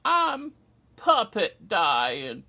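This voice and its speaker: A man's voice: high-pitched, huge pitch swings, very slow, vocal fry, bright, forceful tone, voice pushed up, heavily acted. A man voicing a campy male puppet dragon with a put-on genteel Southern drawl, saying y'all. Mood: melodramatic. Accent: put-on genteel American Southern. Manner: drawling, flamboyant, says y'all.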